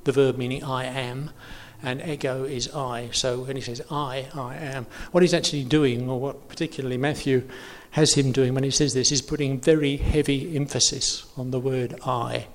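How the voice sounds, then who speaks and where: A man's voice: mid-range voice, fairly even intonation, normal speed, hardly any pauses. A man preaching in an informal teaching talk, chatty and self-correcting with many fillers. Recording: long hall reverb.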